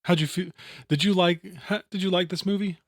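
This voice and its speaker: A man's voice: sits high, steady tone, fairly quick, no echo, studio quality. A man co-hosting a horror film podcast in a casual, chatty, joking way. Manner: laid-back, chatty, joking. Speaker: podcast co-host. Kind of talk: casual chat.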